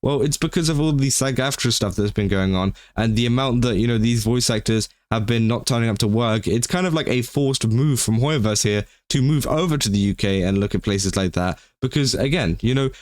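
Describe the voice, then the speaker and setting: A man's voice: mid-range voice, brisk, few pauses, darkish tone, dry recording. A man giving casual gaming-news commentary, rambling with lots of fillers and exasperated outbursts.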